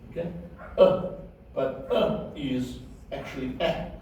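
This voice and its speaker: In a classroom lecture on Biblical Hebrew, a man with a fairly high, dark-toned voice uses lively intonation at a measured pace. He repeats the key words and checks on his students' understanding. Faint room noise accompanies a very echoey, distant recording.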